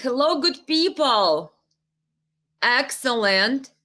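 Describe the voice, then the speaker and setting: Lady doing a live stream, high bright voice, slow chatty, greets folks by name. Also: lively intonation. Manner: chatty, greets viewers warmly by name, stumbles over names. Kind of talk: casual live stream chat reading viewer comments.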